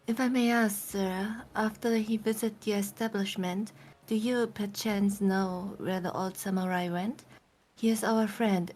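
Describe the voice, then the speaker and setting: Hushed, slow-reading woman streamer. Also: medium pitch. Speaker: streamer reading game dialogue aloud. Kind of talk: casual gaming stream with dialogue read-alouds.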